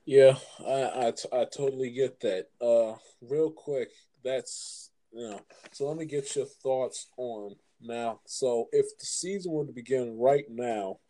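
A man hosting a casual sports chat, halting and repeating words as he asks his guest for opinions. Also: mid-range voice, dark tone, rough recording. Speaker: host.

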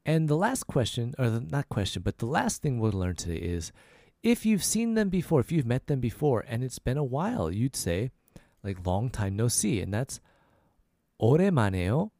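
Man teaching phrases with lively intonation. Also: mid-range voice, dry recording, clean studio sound. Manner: repeats phrases slowly, then faster, for practice. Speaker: podcast host teaching Korean. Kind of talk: language lesson podcast.

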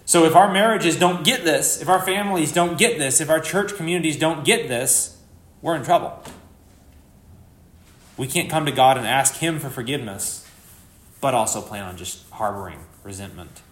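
A man preaching a live sermon as pastor, earnest and conversational, with sudden rises in pitch and volume for emphasis. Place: church sanctuary. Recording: echoey church hall.

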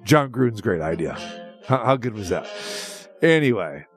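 A man's voice: on the low side, very animated, moderate pace, soft background music. A man hosting a sports talk show with a Southern American accent, ranting and teasing in casual banter. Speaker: sports radio host.

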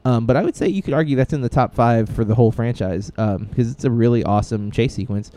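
A man's voice: medium pitch, fast talker, mellow, slight background noise. A man co-hosting a podcast, chatting casually and enthusiastically, rambling with frequent fillers and restarts. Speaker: podcast co-host. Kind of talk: casual chat.

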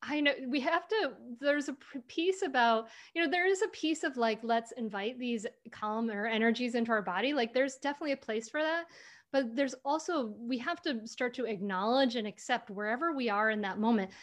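A woman author in an interview, telling personal stories in a lively way, with many fillers and restarts. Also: on the high side, brisk. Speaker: author, guest. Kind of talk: conversational interview.

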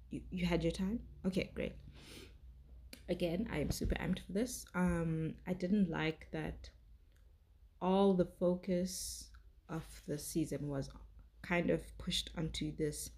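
A young woman reviewing a TV show in casual chat, chatty and effusive, with many "like"s and a gravelly voice. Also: deep voice, darkish tone.

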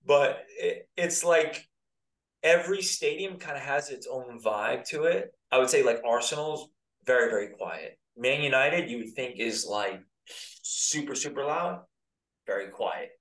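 A man's voice: medium pitch, expressive, measured pace, a bit bright. A man in his thirties from the United States, a former pro soccer player, chatting casually as a guest in a laid-back, rambling way. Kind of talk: casual interview chat. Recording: roomy, distant mic.

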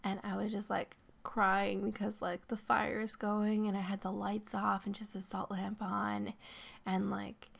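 A woman's voice: medium pitch, monotone, a little slow, vocal fry. A woman hosting her own podcast, talking casually, laughing often and saying "like" a lot. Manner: chatty, laughs often, peppers speech with "like". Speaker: podcast host. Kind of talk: casual solo podcast talk.

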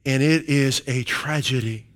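A man's voice: mid-range voice, a little slow. A man preaching a sermon, emphatic and repetitive, quoting scripture and hammering his points. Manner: emphatic preaching with repeated phrases and scripture quotes.

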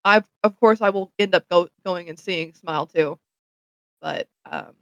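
A woman's voice: on the low side, a little slow, a bit bright, no room sound. A woman hosts a casual podcast news segment, chatting in an easygoing, slightly hesitant way. She also reads articles aloud, and her voice sounds dry and close to the mic.

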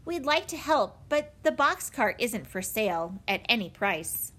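A woman voicing a firm, steady older brother in a storybook reading. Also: fairly high pitch, a little slow, full character voice. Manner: firm and calm.

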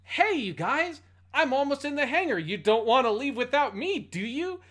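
A man's voice: moderate pace, heavily acted. A man voicing a cheery, oblivious young male mech pilot in a hammy, overacted dub manner. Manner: high, excited, overacted movie-dub delivery.

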